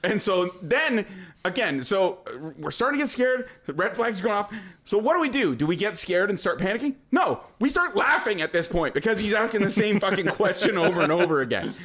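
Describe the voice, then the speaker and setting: A man with a high, lively voice tells a story to friends on a podcast. He swings up and down in pitch, laughs often and acts out the people in it. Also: brisk. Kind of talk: casual storytelling chat.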